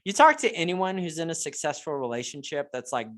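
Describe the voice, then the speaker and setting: A man as a guest in a casual chat, talking earnestly and reflectively with halting restarts. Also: fairly high pitch, expressive, fairly bright tone. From United States.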